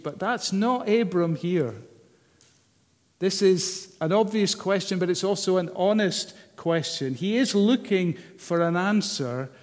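A man preaching a sermon, measured and unhurried, often asking the listeners rhetorical questions. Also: a little high, a little mellow. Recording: long hall reverb.

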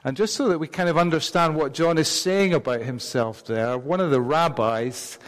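A man preaching, his voice pitched a little above the usual for a man. He talks conversationally and keeps asking the congregation questions. The sound rings out with a long reverb, as in a large church hall. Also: moderate pace. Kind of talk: sermon.

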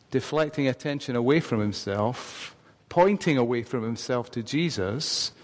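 A man preaching a sermon in a church, talking conversationally and putting questions to the congregation. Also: mid-range voice. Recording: long reverb of a large hall.

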